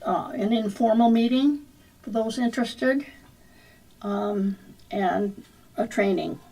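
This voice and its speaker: A woman leading a church service, reading announcements in an unhurried way, with fillers and self-corrections. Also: mid-range voice, gravelly, darkish tone, low-quality recording. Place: church sanctuary during a livestreamed service.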